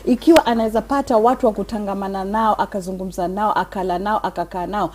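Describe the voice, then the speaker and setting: Mellow woman giving calm advice. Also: mid-range voice. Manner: measured, earnest, mixes Swahili and English. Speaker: guest speaker, religious teacher. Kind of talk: calm advice on a live talk show.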